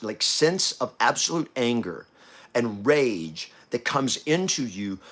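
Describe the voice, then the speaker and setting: A man in his fifties delivers a motivational podcast talk with the cadence of a preacher. His voice sits a little high and swings widely in pitch, jumping from loud, emphatic bursts down to quiet, hushed asides. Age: 50s. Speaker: podcast host.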